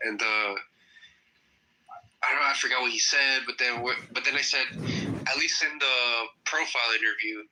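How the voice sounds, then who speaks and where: A man in a casual live chat, rambling and halting with many fillers. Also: medium pitch, fairly even intonation, sharp tone, a little hiss or hum, low-quality recording.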